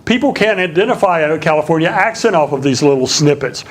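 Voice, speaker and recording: Guy prof giving a talk, bit southern, lots of ums and restarts, kinda high voice. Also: animated, quick pace. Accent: slight Southern. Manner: conversational, many fillers and restarts. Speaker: linguistics professor giving a public lecture. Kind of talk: public lecture.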